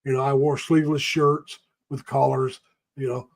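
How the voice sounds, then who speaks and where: A man's voice: mid-range voice, little pitch movement, normal speed, gravelly. Older man rambling through folksy stories. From United States. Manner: rambling, folksy storytelling, greeting viewers by name. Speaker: live-stream host. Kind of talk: casual live-stream chat.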